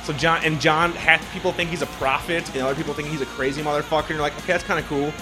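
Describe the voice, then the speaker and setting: A man in casual podcast chat, reviewing a film in a rambling, excitable way, swearing heavily and full of filler words. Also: on the high side, rapid-fire, over music. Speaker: podcast co-host reviewing a movie.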